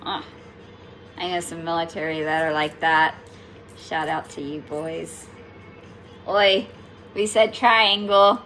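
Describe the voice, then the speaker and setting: A woman's voice: deep voice, fairly even intonation, slow, long pauses, a bit bright, soft background music. A woman giving a casual, playful spiritual reading to her viewers, chatting, laughing often and swearing lightly. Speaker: tarot reader.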